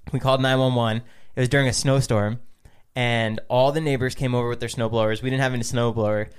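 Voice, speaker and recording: A young man chatting on a podcast, his voice smooth and clear. He rambles through stories in an easygoing, playful way. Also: mid-range voice, steady tone, fast talker. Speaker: podcast co-host. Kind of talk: casual podcast chat.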